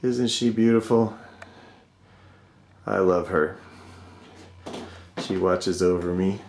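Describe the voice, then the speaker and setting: A middle-aged vlogger walks from room to room in his house, giving a casual tour of his art and describing the pieces with warmth and fondness. His low voice is full of pauses and fillers and drops softly as each thought trails off. There's slight background noise.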